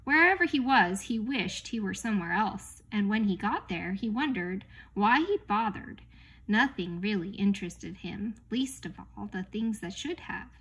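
A woman narrating a children's novel in an unhurried, expressive read-aloud manner. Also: mid-range voice, breathy edge. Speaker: audiobook reader. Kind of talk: storybook narration.

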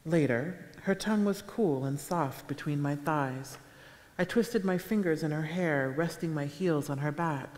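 A woman author reading her own fiction aloud at a public event, with a measured, deadpan delivery. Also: low-pitched. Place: town hall auditorium with a live audience. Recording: echoey live hall sound.

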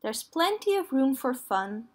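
A woman's voice: high voice, very animated, measured pace. Tigger, a woman doing a bouncy cheerful tiger. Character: bouncy cheerful young male tiger toy.

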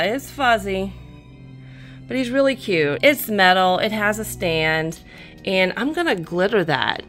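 Slow-talking woman showing her finds. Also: fairly low pitch, a bit bright. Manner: chatty, fond, talks to her cat. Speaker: crafting channel host. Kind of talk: casual haul show-and-tell.

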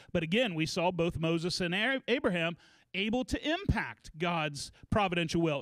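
A man preaching a sermon as pastor of a church, telling a story with lively, animated delivery. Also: sits high, no room sound. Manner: animated storytelling, acts out quotes.

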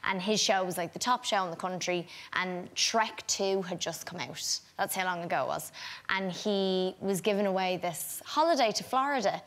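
A woman's voice: fairly low pitch, normal speed, fairly bright tone. Chatty young Irish woman telling a story. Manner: chatty, many likes and restarts. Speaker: talk show guest. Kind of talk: casual chat anecdote. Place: TV studio with audience.

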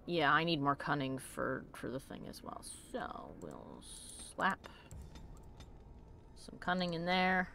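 A woman's voice: deep voice, very animated, takes it slowly, creaky, pushed and bright, a little hiss or hum. A woman hosting a let's play, chatting playfully and reacting aloud to the game at a desk mic. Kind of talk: casual gameplay commentary.

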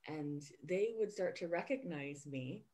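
A woman hosting a podcast, talking earnestly and warmly in a casual interview chat. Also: low voice, lively intonation, measured pace. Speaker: podcast host.

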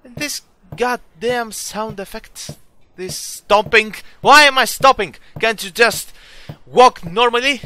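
A young man playing a horror game, talking to himself, swearing and yelling as jump scares hit. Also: extremely high pitch, slow, few pauses. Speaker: gaming YouTuber. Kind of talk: horror game let's play commentary.

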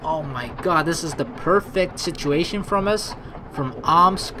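A let's-play gamer reading game text aloud and reacting excitably with commentary. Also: medium pitch, a little slow, noisy background. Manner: excitable, reacts with sudden outbursts.

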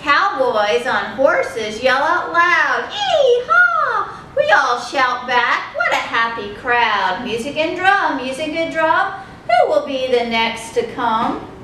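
A woman leading a children's storytime, reading aloud in a slow, sing-song, expressive way. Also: sits high, slight background noise. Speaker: children's librarian. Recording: echoey room, mic far off.

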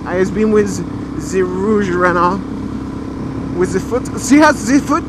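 A man's voice: high-pitched, animated, measured pace. A man putting on an exaggerated fake French accent as a boastful, silly biker, talking in broken grammar for a motorcycle vlog. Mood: hammy. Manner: hammy, playful, broken grammar. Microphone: helmet-mounted action camera mic. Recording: loud wind and engine noise.

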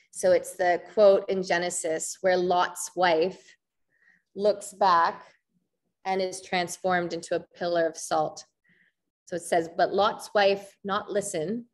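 Woman, 30s, Canadian accent, lowish voice, artist talk, hesitant, lots of ums. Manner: hesitant, frequent ums and restarts. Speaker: visual artist.

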